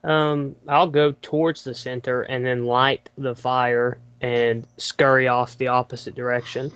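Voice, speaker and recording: Flat-voiced man playing a tabletop game. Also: medium pitch, a little slow, smooth, dry recording. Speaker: player. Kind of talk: casual tabletop play. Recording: dull lo-fi sound, dry room.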